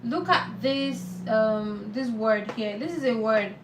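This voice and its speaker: A woman teaching a live online beginner lesson, patient and repeating words slowly for learners. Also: fairly high pitch, echoey room, far from the mic, noisy background. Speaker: language teacher.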